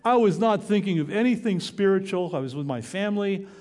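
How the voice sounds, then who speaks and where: A middle-aged pastor preaches in a lively, story-driven sermon, tossing quick asides to his listeners. His voice sits high for a man and swoops widely up and down. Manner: animated storytelling with emphatic asides.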